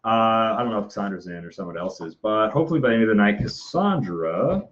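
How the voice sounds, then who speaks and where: This young prop maker chats very fast on his livestream from an indoor workshop, his fairly low voice a bit bright. He pokes fun at himself and keeps muttering and whispering to himself, over muffled audio with faint noise.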